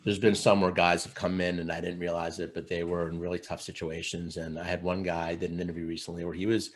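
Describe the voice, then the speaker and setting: A man's voice: low-pitched, level tone, fast talker, slight background noise. A man coaching other men, telling stories earnestly in a casual podcast interview, with loose fillers. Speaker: guest, men's coach.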